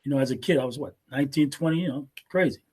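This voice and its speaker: A man's voice: medium pitch, rapid-fire, darkish tone, breathy edge. A man in his sixties, a martial arts teacher and guest, telling stories in a casual interview in a laid-back way, often repeating words as he restarts.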